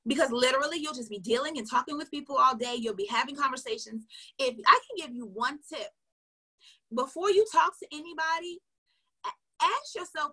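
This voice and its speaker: A woman sales coach giving an energetic, casual live training from her home. She talks straight to her viewers and says y'all. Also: high-pitched, a little fast, poor audio. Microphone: livestream on a video call platform.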